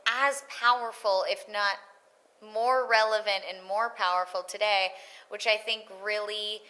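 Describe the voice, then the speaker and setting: A woman's voice: medium pitch, a little slow, low-quality recording. A woman in her thirties, a voice actress chatting casually in an interview and acting out quoted lines. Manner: animated, acts out quoted lines. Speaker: voice actress guest.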